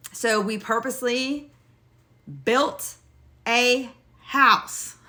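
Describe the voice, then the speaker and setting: Her voice a little high, this middle-aged woman relates a personal story in a casual, blunt, lively manner, swearing now and then.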